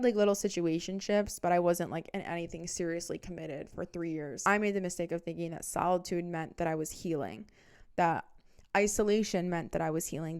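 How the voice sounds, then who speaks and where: Host, woman in her twenties, low-ish and smooth, blunt storyteller who swears freely. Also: a little mellow. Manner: candid, swears freely, dramatic retelling. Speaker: podcast host. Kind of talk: casual storytime.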